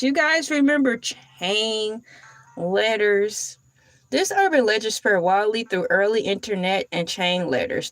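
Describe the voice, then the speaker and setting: A woman's voice: medium pitch, a bit bright, dry recording. A woman hosting a casual livestream, chatting with viewers and reading comments. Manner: chatty, drawn-out, talks to viewers. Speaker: livestream host.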